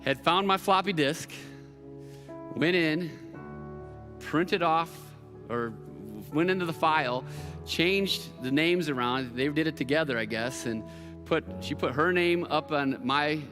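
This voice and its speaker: A middle-aged man preaching a sermon from a church stage, telling a personal story and acting out the voices in it with lively, animated delivery. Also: on the high side, measured pace, in a large hall, music in the background. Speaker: pastor.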